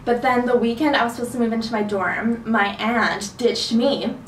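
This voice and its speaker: A woman's voice: on the high side, fairly even intonation, normal speed, reverberant, distant mic, slight background noise, low-quality recording. A young woman vlogger telling a rambling story in a casual chat, full of "like"s. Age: young adult. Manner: chatty, rambling with many "like"s. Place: dorm room.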